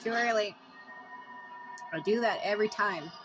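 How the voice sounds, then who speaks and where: A woman's voice: medium pitch, moderate pace, music in the background. A woman giving casual let's-play commentary as a gameplay video creator, blunt and swearing freely, yelping at jump scares, recorded on a phone.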